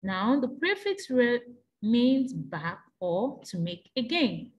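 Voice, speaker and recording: Woman teacher, revision lesson for kids, slow pace, sing-song lilt, fairly high voice. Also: sing-song, lo-fi sound. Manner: slow, patient, sing-song prompting questions. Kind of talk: exam revision lesson for young pupils.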